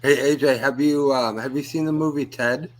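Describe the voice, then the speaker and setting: Man on a live stream chat, mid pitch, halting and casual. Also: fairly even intonation, poor audio. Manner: hesitant, full of ums and uhs. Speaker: stream participant.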